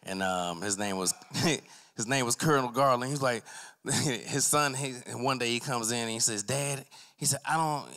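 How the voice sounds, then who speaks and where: A young man doing a loose, rambling open mic stand-up set, acting out characters in loud voices. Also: medium pitch, moderate pace. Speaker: stand-up comic. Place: small arts center stage with a live audience.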